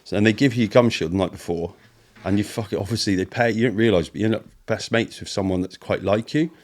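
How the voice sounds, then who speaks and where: Deep-voiced british guy, swears a lot, rambling army stories on a podcast. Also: fast. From United Kingdom. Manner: swears often, storytelling, acts out quotes. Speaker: podcast guest, entrepreneur. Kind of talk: casual chat.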